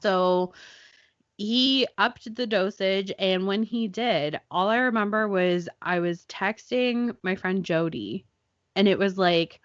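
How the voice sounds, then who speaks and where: A woman's voice: mid-range voice, slow pace, no echo, highs cut off. A woman in her thirties hosting a podcast, telling a story casually and acting out the people in it. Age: 30s. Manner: animated storytelling, acts out quoted people. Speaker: podcast host. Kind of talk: casual chat.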